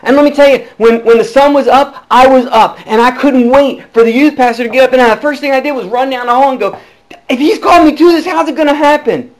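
A male pastor preaching a sermon, telling his own calling story with lively swings between hushed and loud delivery and frequent restarts. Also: very high-pitched, quick pace, few pauses. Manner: frequent restarts and repeated words. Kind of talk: sermon with personal testimony.

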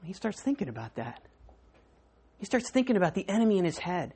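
A woman preacher delivers a sermon through vivid storytelling. Her voice is husky and breathy. She swings from hushed to soaring as she presses her points home. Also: mid-range voice, brisk, pauses often. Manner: animated storytelling with dramatic swings.

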